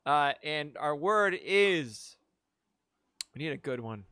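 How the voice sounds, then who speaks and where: A man's voice: a little high, lively intonation, slow pace, pushed and bright, clear, resonant tone, dry recording, studio quality. A man hosting a live improv comedy game over a video call, chatty and laughing often. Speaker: improv show host.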